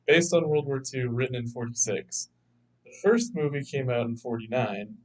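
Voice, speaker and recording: A man with a mid-range voice, captured on a rough recording, co-hosts a film podcast. He chats casually and rambles, laughing often and acting out quotes as he goes.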